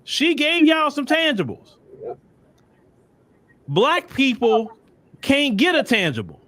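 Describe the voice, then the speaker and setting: Male show host, high and animated, preachy commentary addressed straight to the audience. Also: slow, dry recording. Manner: preachy, repeats himself, speaks straight to his audience. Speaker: podcast host.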